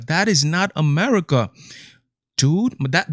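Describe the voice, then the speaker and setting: On a clean studio recording with no room sound, a show host with a Latino English accent talks at normal speed with lively intonation and a fairly bright, higher-pitched voice. He's running a political commentary livestream, incredulous and exasperated, rattling off rhetorical questions.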